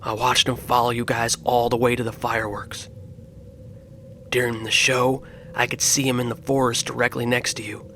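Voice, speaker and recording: A man's voice: mid-range voice, flat delivery, normal speed, bright, forceful tone, slight background noise. A man voicing a frantic old neighbor. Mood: urgent.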